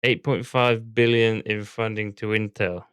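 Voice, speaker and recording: A man's voice: lowish voice, steady tone, a little slow, a bit bright, clean tone, no room sound, clean studio sound. A man, casually reacting to a stock video and bluntly swearing at his computer.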